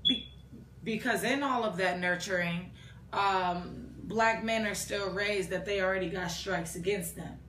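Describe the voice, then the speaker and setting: Bright-voiced woman co-host, echoey room. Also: mid-range voice, unhurried, a little hiss or hum. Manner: animated, laughing, stammering restarts. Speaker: podcast co-host. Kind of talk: casual podcast chat.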